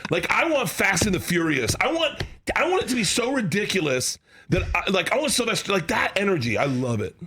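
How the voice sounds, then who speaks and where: A man's voice: sits high, fairly quick, husky. A man guest on a studio interview show, telling stories with lots of laughter and acting out other people's lines in voices. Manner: excitable, laughs a lot, acts out quotes in voices. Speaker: comedian guest. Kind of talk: animated storytelling in a studio interview. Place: sports talk show studio.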